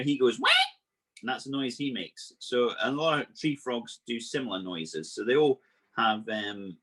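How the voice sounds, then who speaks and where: A man presenting an exotic animal workshop over a video call, explaining facts to children in a lively, playful way. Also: mid-range voice, breathy edge.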